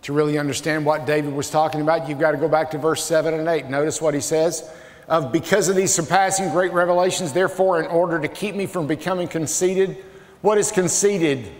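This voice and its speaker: Preacher in an echoing church. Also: male voice, fairly even intonation, brisk. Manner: dramatic preaching, swinging from loud outbursts to hushed low phrases. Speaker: pastor. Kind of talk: sermon. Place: large church sanctuary. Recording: echoey church hall with long reverb.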